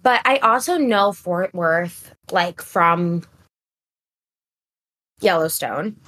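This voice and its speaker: A woman's voice: fairly low pitch, lively intonation, extremely slow, a bit bright. A woman co-hosting a podcast in casual chat, talking in an enthusiastic, rambling way with lots of "like". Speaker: podcast co-host.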